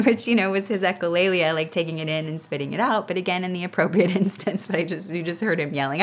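A woman in her thirties chatting as a guest, telling lively stories and acting out what others said. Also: on the low side, brisk, few pauses. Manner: animated storytelling with laughs and acted-out quotes. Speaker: guest parent. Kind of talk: casual interview chat.

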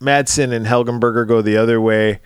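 A man's voice: mid-range voice, fairly quick, clean tone, no room sound, clean studio sound. A man co-hosting a podcast, telling stories in casual chat and acting out the quotes. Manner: animated storytelling, acts out quotes. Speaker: podcast co-host.

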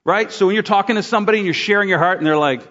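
A man's voice: sits high, racing, a bit bright. Man preaching in a reverberant hall. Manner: conversational preaching with acted asides. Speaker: pastor. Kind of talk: sermon. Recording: dull sound in a large reverberant room.

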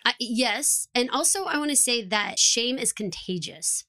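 Animated woman recapping a TV show. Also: on the high side. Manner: animated, quick, acts out quotes from the show. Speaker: podcast co-host. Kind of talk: casual TV recap discussion.

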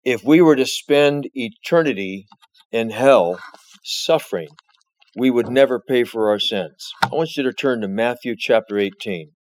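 A man preaching a sermon as pastor, reading scripture and explaining it with slow, emphatic rises. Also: on the low side, slight background noise.

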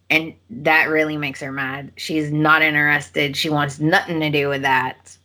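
Podcast host, female, low slow voice, vivid retelling with acted-out quotes. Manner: animated storytelling, acting out quotes. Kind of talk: casual chat.

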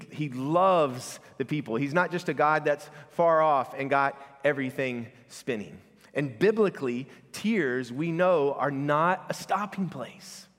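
A man preaching an earnest, conversational sermon as a pastor to his congregation. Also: fairly high pitch. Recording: long reverb of a church hall.

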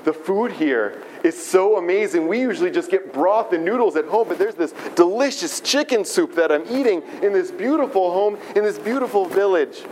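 A man's voice: high voice, animated, moderate pace, hardly any pauses, a little mellow, a little hiss or hum. A man voicing a discontented grown man who gushes over everything he sees. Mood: delighted.

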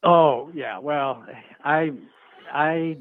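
Male caller, lively storyteller on a tinny phone line, dry sound. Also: on the high side, drawn-out words, dry recording. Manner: storytelling, acts out quoted voices. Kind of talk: telling a personal story.

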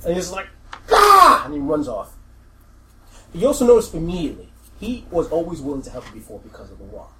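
Game master, male: animated, quick to laugh and rephrase, narrating at the table. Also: fairly high pitch, low-quality recording.

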